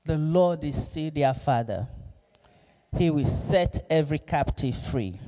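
Slow, emphatic male preacher. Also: a little high, animated, warm tone. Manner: slow, emphatic preaching with repeated calls to the congregation. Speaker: pastor. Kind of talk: sermon with call-and-response.

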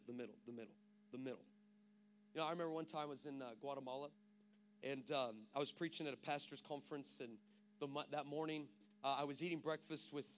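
A man's voice: on the high side, a little hiss or hum. A pastor from Texas preaching a sermon, switching between self-mocking stories and a rising, emphatic preaching cadence.

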